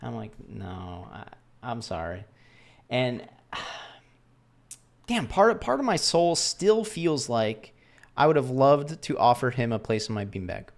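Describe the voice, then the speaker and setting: A man's voice: mid-range voice, lively intonation, slow. A young man casually telling a story to camera in a rambling, self-deprecating way, acting out the voices of the people he quotes. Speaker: vlogger.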